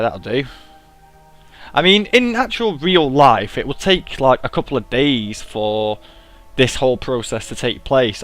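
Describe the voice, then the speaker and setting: A man's voice: medium pitch, fairly bright tone. Young guy chatting through his game, jokey and self-mocking, faint music under him. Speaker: gaming YouTuber. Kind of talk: casual let's-play commentary.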